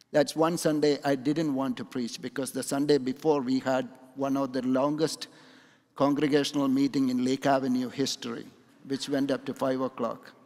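A man's voice: medium pitch, darkish tone, in a large hall. A male senior pastor giving a sermon in a conversational, personal manner. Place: church sanctuary.

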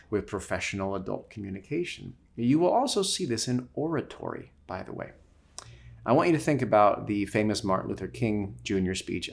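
A man's voice: fairly low pitch, vocal fry. A middle-aged man, a communication trainer, giving an instructional talk with emphatic, shifting stress.

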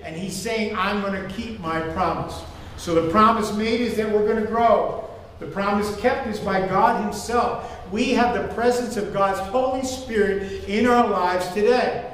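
Older male pastor, sermon, animated and joking, long church reverb, faint hiss. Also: high-pitched, unhurried. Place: church sanctuary. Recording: echoey church hall from far off.

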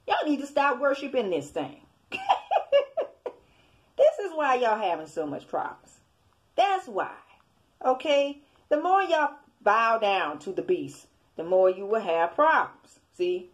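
A woman's voice: on the high side, big pitch swings, a little slow. A woman preaching to an online audience in a loose, informal way. She scolds her listeners and piles up repetitions, checking in with a constant "okay?". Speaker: self-made online preacher.

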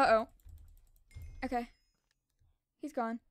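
A young woman giving casual, excitable commentary on her own gameplay and repeating words fast when tense. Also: sits high, no room sound. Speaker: gaming channel host.

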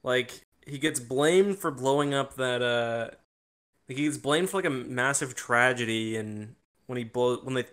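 A man's voice: mid-range voice, a little slow, fairly bright tone, smooth. A young man hosting a casual podcast chat, joking loosely and laughing often. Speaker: podcast host.

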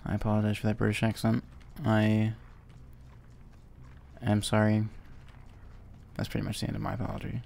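A young man giving chatty, casual commentary while playing a video game, talking to himself and sometimes breaking into excited yells. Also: on the low side, normal speed, gravelly, pauses often. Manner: chatty, self-talking, bursts into excited yelling. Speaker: gaming YouTuber.

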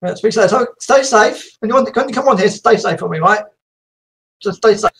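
A woman chatting casually with strangers on a live webcam stream, excitable and giggly, calling out sing-song greetings. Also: medium pitch, a little fast. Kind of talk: casual live video chat.

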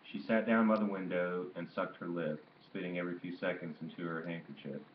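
A man reading a novel aloud in a steady, measured narration, in a dull, roomy recording. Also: low-pitched, slight background noise. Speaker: audiobook reader. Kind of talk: literary audiobook narration.

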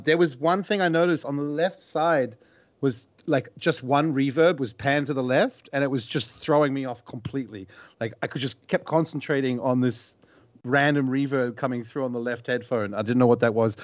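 A man who grew up in New Zealand chats casually on a livestream, easygoing and quick to laugh. His voice sits at an ordinary pitch. The sound is dry and a little dull. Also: no echo. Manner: relaxed, chatty, laughs often. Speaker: co-host of a beatbox reaction stream.

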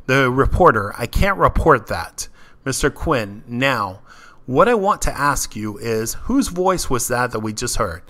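A man narrating a video essay, reading deposition testimony aloud and speaking every part himself. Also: pushed and bright. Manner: reads every part himself, mostly plain, with small lifts in pitch for quoted lines. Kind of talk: reading a legal transcript aloud.

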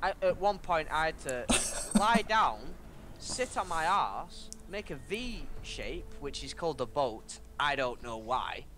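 Guy ribbing his buddy over a game, casual chat, very animated pitch. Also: a little slow, a little hiss or hum. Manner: teasing, joking banter. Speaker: co-host.

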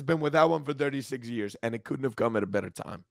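A man chats on a podcast, swearing freely and emotional, close to tears with a breaking voice. His voice sits at a middle pitch. The sound is dry and close. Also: quick pace, vocal fry, no echo. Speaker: podcast co-host. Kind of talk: casual podcast chat.

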